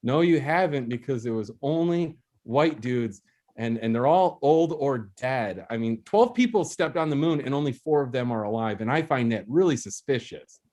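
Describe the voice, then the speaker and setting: A man's voice: mid-range voice, lively intonation, moderate pace, darkish tone. Rambling young man doing stand-up online. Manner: rambling, self-mocking, frequent laughter and restarts. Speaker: open mic host and comedian. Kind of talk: stand-up bit over video call. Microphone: video call.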